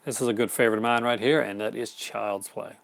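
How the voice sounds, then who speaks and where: A man's voice: fairly low pitch, fairly even intonation, fast, vocal fry, no echo. A man hosting a casual live stream, rambling enthusiastically about his horror film collection, with many fillers and restarts. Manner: answers viewer chat comments.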